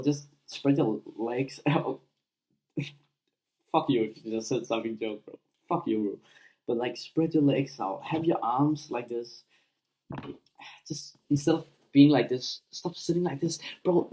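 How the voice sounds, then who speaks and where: Young male vlogger, mellow tone, profane and rambling, casual advice monologue. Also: mid-range voice, poor audio. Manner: blunt, profane, filler-heavy, acts out scenes.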